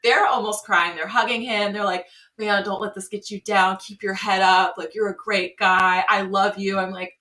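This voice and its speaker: A woman's voice: medium pitch, normal speed, few pauses, reverberant, recorded from a distance. A woman co-hosting a podcast, recapping a reality show in casual chat and acting out the quotes as she goes. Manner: animated storytelling with acted-out quotes. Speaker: podcast co-host.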